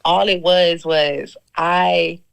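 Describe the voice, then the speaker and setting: A young woman calling in to a podcast, telling a story in an animated, gossipy way. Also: on the low side, drawn-out words, creaky, clear, resonant tone, rough recording. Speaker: caller. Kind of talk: casual storytelling.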